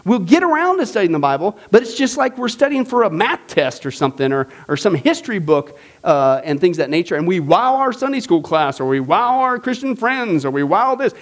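A man teaching a Bible study class in a casual, animated way, full of jokes and enthusiasm. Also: high-pitched, brisk. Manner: animated, joking, enthusiastic with frequent fillers. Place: church classroom.

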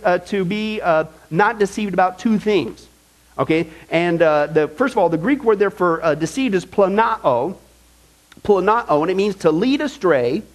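Male pastor, higher register, emphatic conversational Bible teacher who checks in constantly. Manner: emphatic, checks in with the audience, frequent "okay?".

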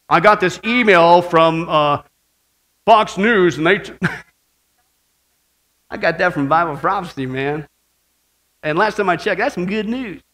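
A male pastor preaching an animated sermon that swings from quiet asides to shouted praise. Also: sits high, measured pace, rough recording.

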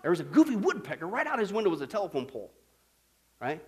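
A male pastor preaching a sermon in an animated way, acting out little voices and jokes to make his point. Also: high-pitched, fast.

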